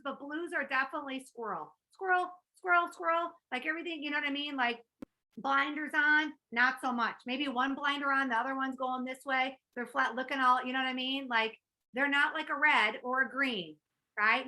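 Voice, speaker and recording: Bubbly high-voiced woman trainer. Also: bright, forceful tone, poor audio. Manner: bubbly, chatty, lots of fillers and quoted asides. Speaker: network marketing trainer. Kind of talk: motivational talk to an audience.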